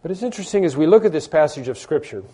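Warm-toned preacher acting out pleas. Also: male voice, a little high, expressive, racing, slightly rough. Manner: dramatic, acts out quoted pleas with rising intensity. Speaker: pastor. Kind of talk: sermon.

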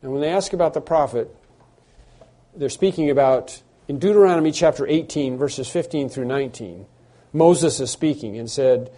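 A man's voice: on the high side, expressive, normal speed, dark tone. A man preaching an expository sermon, reading scripture aloud and explaining it with earnest emphasis and frequent restarts. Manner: hesitant restarts and asides. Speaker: pastor.

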